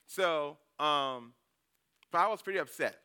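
Bright-voiced man preaching a conversational sermon. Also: on the high side, animated, unhurried, clear, resonant tone. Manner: storytelling, frequent "okay?" checks with the congregation; acts out his own quoted reactions. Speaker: church elder preaching.

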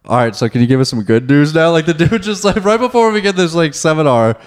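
A man's voice: fairly high pitch, animated, fast. A young man in casual chat, telling a wry story from work in a laid-back way.

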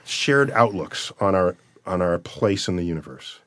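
A man's voice: low voice, moderate pace, dry recording. A man, a guest scientist, chatting casually in an interview and telling stories with lots of animation and laughter. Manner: animated, storytelling, laughs often. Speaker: guest astrophysicist.

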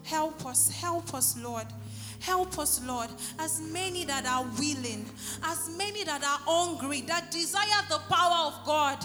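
Fervent high-voiced woman preaching in a hall. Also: unhurried, music in the background. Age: 30s. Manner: rising fervent pleading, repeating phrases. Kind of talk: sermon with altar call.

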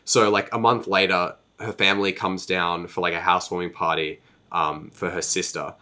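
A man's voice: low voice, level tone, normal speed, pushed and bright. A man in a casual podcast chat, recapping a book in a rambling, profane way, full of fillers and mock voices for characters. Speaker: podcast co-host.

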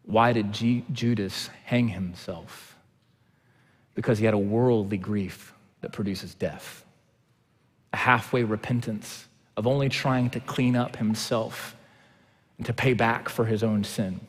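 A man preaching a sermon. He shifts between quiet, low passages and loud, impassioned stretches. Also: steady tone, a little slow, slightly rough. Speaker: pastor. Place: church sanctuary. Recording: long hall reverb.

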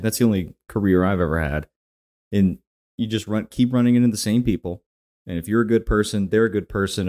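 A man's voice: lowish voice, a little mellow. A man hosting a podcast, talking in an easygoing, casual way. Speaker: podcast host. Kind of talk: casual chat.

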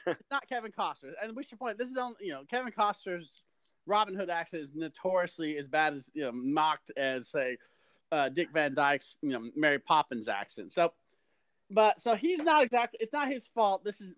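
High, bright-voiced man critiquing films. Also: expressive, moderate pace, no room sound. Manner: opinionated, rambling critique. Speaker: podcast co-host. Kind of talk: casual film review chat.

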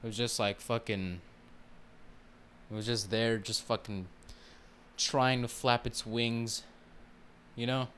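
A man's voice: medium pitch, steady tone, slow, pauses often, fairly bright tone, a little hiss or hum. A man hosting his own podcast, ranting casually in a rambling, heavily profane way full of fillers. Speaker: podcast host. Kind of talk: casual solo rant.

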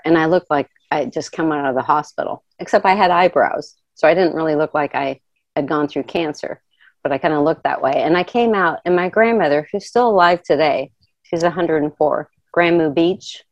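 Middle-aged woman, lowish voice, dry close sound, animated personal storyteller who laughs often and acts out the people she quotes. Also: dry recording.

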